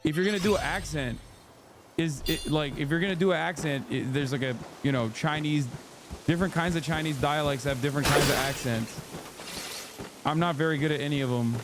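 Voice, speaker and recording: A man's voice: a little high, a little fast, background noise. A man in his thirties streaming a video game, chatting casually and joking with his chat. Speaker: streamer host. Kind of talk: casual gameplay commentary. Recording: voice over loud game music.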